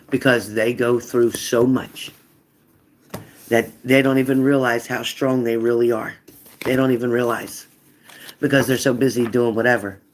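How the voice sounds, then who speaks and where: A man's voice: mid-range voice, a little hiss or hum. A man hosting a tarot live stream in a casual, chatty way, reading out viewer comments and answering them earnestly.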